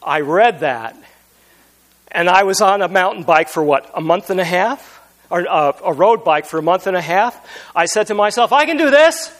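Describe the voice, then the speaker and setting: A man's voice: high-pitched, moderate pace, a bit bright. A man preaching a sermon as pastor, telling humorous, self-deprecating stories.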